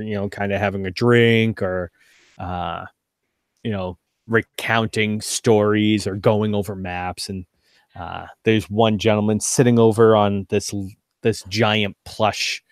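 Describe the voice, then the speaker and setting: A man with a lowish voice runs a tabletop game, describing the scene in a loose, halting way. He leans on fillers and restarts as he goes. The sound is dry and close, with little room around it. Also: no echo. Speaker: game master.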